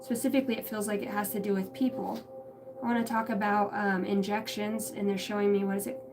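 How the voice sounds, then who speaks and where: A woman's voice: mid-range voice, little pitch movement, fast, recorded from a distance. A woman giving a rambling, searching spiritual reading on a livestream from outdoors on a ranch, swearing casually as she talks. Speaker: spiritual channeler. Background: music, passing pickup trucks.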